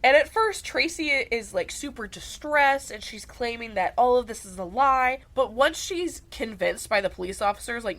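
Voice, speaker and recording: A young woman co-hosting a casual chat show, telling a crime story in a loose, animated way, swearing and acting out the people in it. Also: on the high side, normal speed, hardly any pauses. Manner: animated, swearing, acts out quoted voices. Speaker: podcast co-host telling a true crime story.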